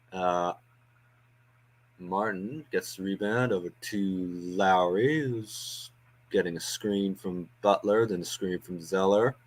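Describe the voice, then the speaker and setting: Low-voiced man giving casual play-by-play. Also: slow pace, long pauses. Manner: chatty, thinks aloud with frequent ums and uhs. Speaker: watch-along host doing play-by-play. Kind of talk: casual live play-by-play commentary. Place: home watch-along stream.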